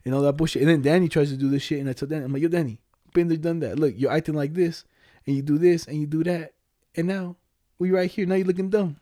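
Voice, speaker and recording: A man in casual, profane chat, telling fast stories and acting out the people in them. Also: a little high, steady tone, dark tone, no echo, studio quality. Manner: fast, profane storytelling, mimics people he quotes.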